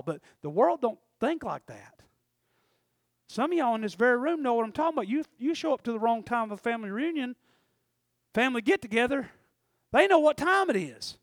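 Man preaching, very high voice, folksy and conversational, dry close sound. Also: very animated, brisk, no room sound. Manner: folksy, conversational preaching with frequent check-ins to the congregation. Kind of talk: sermon.

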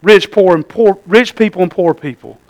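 A man preaching a sermon as pastor, shifting from low conversational asides to shouted, fervent passages. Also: moderate pace, rough recording.

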